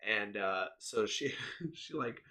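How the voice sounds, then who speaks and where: A young man co-hosts a loose, casual podcast chat. He tells stories with animated energy, laughs often and swears freely. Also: lowish voice, takes it slowly. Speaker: podcast co-host.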